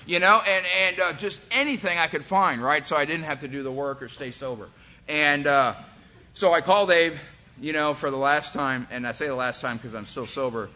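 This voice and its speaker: Man in his forties, rambling recovery testimony, bright forceful voice, slightly high pitch. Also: brisk. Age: 40s. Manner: rambling, candid, profane, many fillers. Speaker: recovery speaker. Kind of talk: personal testimony.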